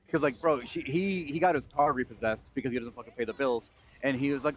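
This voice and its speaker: A man's voice: medium pitch, fairly even intonation, racing, hardly any pauses. A man streaming, telling a long story as a profane, ranting chat. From United States. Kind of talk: casual livestream chat. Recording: dull lo-fi mic.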